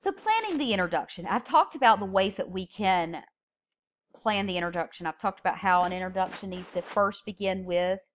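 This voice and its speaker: Expressive and a little fast, a medium-pitched woman teaches public speaking in a lo-fi recorded lecture. Her explanations go step by step, and she punches key words while reading example openings.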